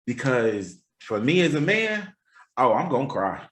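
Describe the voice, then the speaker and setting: A man's voice: mid-range voice, big pitch swings, measured pace, a bit bright. A man hosting a casual podcast chat, talking earnestly and repeating phrases for emphasis. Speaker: podcast host and counselor.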